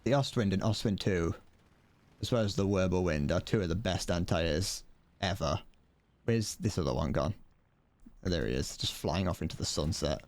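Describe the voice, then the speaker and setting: A man's voice: low voice, moderate pace, darkish tone. A young man chatting casually to his viewers while playing, swearing and laughing as he goes. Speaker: streamer. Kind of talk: casual gameplay commentary.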